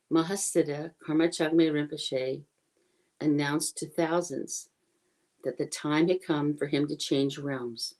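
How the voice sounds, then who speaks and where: A woman sharing an informal online dharma talk on a teacher's life, earnest and apologetic, pausing to chant a refuge prayer slowly. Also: low voice, dark tone, rough recording. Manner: earnest, apologetic, self-correcting.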